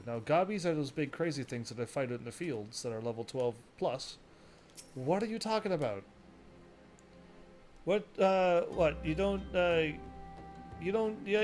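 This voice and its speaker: A young man chats his way through a game, cracking jokes and laughing to himself. His voice sits fairly high. Faint game music runs underneath. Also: animated, measured pace, pauses often, a little mellow. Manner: jokey, laughs often, talks to himself. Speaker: gaming streamer. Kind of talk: casual let's-play commentary.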